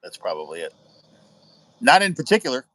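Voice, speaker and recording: Casting: American man, medium pitch, loose storyteller, dry close sound. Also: wildly swooping pitch, brisk, fairly bright tone, no echo. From United States. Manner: rambling storyteller, swears freely. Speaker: livestream host. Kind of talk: casual chat with viewers. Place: indoors at home by a window.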